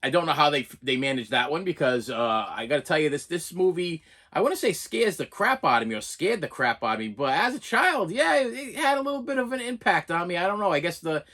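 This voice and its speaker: Rambling man in an animated rant. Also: a little high, a little fast. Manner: rambling, repeats words, animated ranting. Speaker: movie collector vlogger. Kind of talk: casual unboxing rant.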